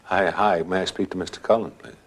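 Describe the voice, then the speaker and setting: Deep, husky older man telling a story. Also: fairly quick. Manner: animated, acts out the voices in his story. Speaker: celebrity guest. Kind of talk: casual storytelling.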